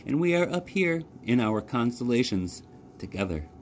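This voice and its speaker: A man voicing the mocking night stars in a storybook reading, quiet and taunting. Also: medium pitch, big pitch swings, normal speed, slight background noise, pitched above the performer's own voice, natural voice.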